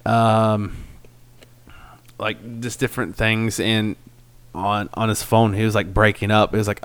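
A man's voice: on the low side, little pitch movement, unhurried, long pauses, a bit bright, clear, resonant tone, no room sound. A man co-hosting a casual podcast chat, laughing often and acting out quotes in raised voices. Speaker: podcast co-host. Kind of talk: casual chat about wrestling.

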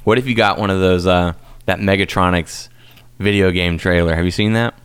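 Man, thirties, very low voice, smooth, laid-back, podcast co-host. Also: steady tone, brisk. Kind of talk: casual chat.

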